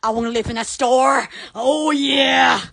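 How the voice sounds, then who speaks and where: A woman with a Southern US accent from Alabama, hosting a live stream in excitable, gushing casual chat full of exclamations and laughter. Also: sits high, a little slow, creaky.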